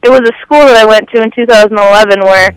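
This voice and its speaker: A young woman in her twenties from Canada, talking quickly and eagerly as a racing guest on a radio interview. Her voice is smooth and clear, and sits high. The sound is dry and close, with no room echo. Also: fairly even intonation. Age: 20s. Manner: eager, grateful, lots of filler words. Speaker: race car driver guest.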